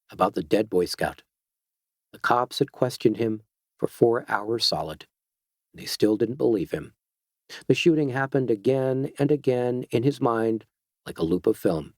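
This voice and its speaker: Casting: male audiobook narrator, even and measured, middle voice, dead-dry booth sound. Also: mid-range voice, no echo. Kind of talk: scripted narration.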